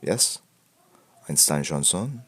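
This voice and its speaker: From a home room piled with comic books, a man wearing headphones hosts a live art critique stream, chatting casually and rambling with jokes, fillers and restarts. His voice is low and animated, and he takes his time, with a fairly bright tone.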